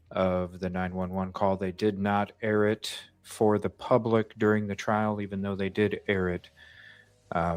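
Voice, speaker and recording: A man's voice: sits low, dry recording. A man hosting a show, talking casually about a court case and reading out transcripts with frequent fillers. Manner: reads a call transcript aloud, with frequent fillers. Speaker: host.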